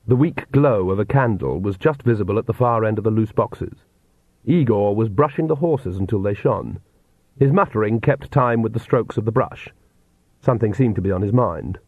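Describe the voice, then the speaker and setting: A man reading a novel aloud in measured scripted narration. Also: on the low side, no room sound. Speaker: audiobook narrator. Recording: tinny phone-like dry sound.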